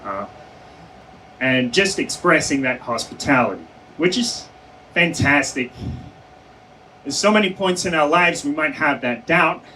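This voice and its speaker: A man's voice: mid-range voice, pushed and bright, recorded from a distance, slight background noise, rough recording. Man telling a story on a conference stage. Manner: conversational, many fillers and self-corrections, laughs between phrases. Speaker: conference speaker. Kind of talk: storytelling speech. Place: conference hall.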